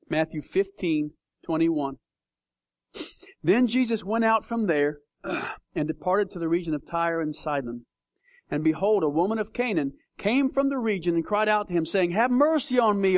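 A man preaching a sermon, telling scripture stories with animated, acted-out voices. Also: a little high, dry recording, studio quality. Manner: animated storytelling, acts out voices. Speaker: pastor.

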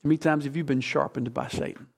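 A man's voice: medium pitch, steady tone, quick pace, gravelly. A man in his fifties, a pastor preaching a sermon, building from plain talk into fervent, emphatic questions.

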